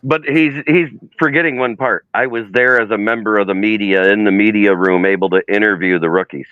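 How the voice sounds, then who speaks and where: A man chatting on a livestream as a sports media intern, telling lively stories and acting out the quotes. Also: on the low side, fairly quick, clean tone, no echo, narrow, tinny audio. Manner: animated storyteller, acts out quotes. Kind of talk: casual livestream storytelling.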